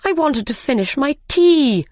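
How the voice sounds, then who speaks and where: Jumpy storybook hatter played by a woman reader, anxious and pleading, high-pitched and slow. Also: lively intonation, darkish tone, no echo, studio quality. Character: nervous, frightened adult male hatter.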